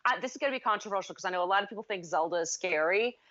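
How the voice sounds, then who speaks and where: A woman's voice: mid-range voice, racing, fairly bright tone, highs cut off. A woman co-hosting a casual film review chat, retelling plot scenes at length. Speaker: podcast co-host.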